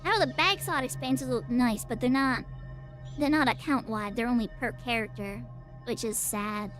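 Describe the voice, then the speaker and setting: A woman's voice: on the high side, normal speed, a bit bright, faint music behind. A woman streamer giving chatty, playful, self-mocking commentary while playing a game. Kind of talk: casual gameplay commentary.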